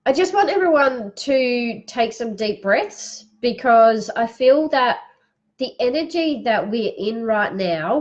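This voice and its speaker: Woman, psychic reader, tearful, slow soothing delivery, higher voice, dull live stream sound. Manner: slow, soothing, guiding breathing. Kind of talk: live-streamed spiritual reading.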